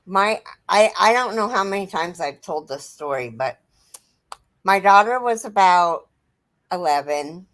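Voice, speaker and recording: A middle-aged woman chatting casually on a livestream, telling an animated family story. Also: on the low side, measured pace. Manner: animated storyteller, quotes her kids.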